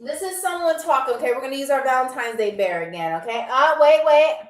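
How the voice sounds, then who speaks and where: A woman hosting a live-stream game show, playful and teasing with viewers, often slowing down to repeat words carefully. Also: high-pitched, expressive, distant mic. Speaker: game show host on a livestream. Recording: echoey room.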